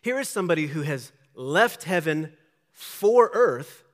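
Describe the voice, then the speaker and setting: A man's voice: fairly high pitch, big pitch swings, measured pace. Man preaching in a reverberant hall. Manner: emphatic, questioning preacher who acts out the people in his story. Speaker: pastor. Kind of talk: sermon.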